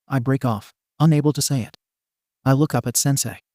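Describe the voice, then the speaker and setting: A man's voice: mid-range voice, fairly quick, dark tone, no echo. Man reading a story, dry close sound. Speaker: narrator. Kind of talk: reading a fan fiction story aloud.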